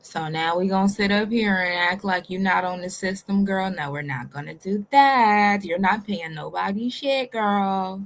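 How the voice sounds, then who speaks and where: A sassy woman riffs through casual reaction commentary, tossing out cheeky profanity and talking straight to her viewers. Her voice sits at an ordinary middle pitch, loose and playful. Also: moderate pace, few pauses. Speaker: reaction video host.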